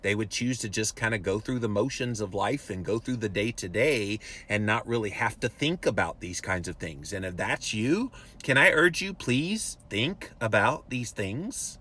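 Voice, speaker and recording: A man with a fairly low voice hosts a live show, talking straight at his viewers with emphatic, preachy energy. A faint hiss sits under the recording. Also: fairly bright tone. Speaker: podcast host. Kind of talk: live-streamed rant reading viewer comments.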